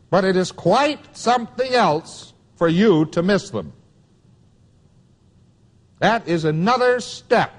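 A man's voice: high-pitched, in a large hall. A man giving a taped lecture to students, emphatic and wry, repeating key phrases for weight.

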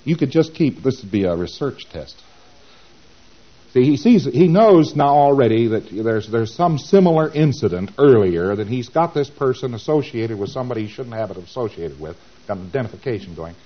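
A man giving a lecture, acting out exchanges with quick mumbled asides. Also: mid-range voice, big pitch swings, lo-fi sound. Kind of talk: recorded lecture.

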